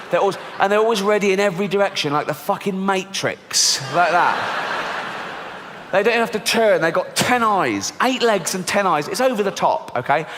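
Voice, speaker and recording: Deadpan English comedian in a big hall. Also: male voice, high-pitched, noisy background. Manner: deadpan, dark and crude, acts out characters. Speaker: stand-up comedian. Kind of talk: stand-up comedy set. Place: theatre stage. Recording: reverberant hall, faint ambience.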